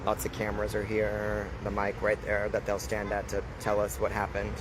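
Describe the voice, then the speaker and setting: A man's voice: on the low side, monotone, normal speed. A man livestreaming from the scene outdoors, chatting casually with viewers. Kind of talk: casual live reporting. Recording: outdoor stream with noisy background.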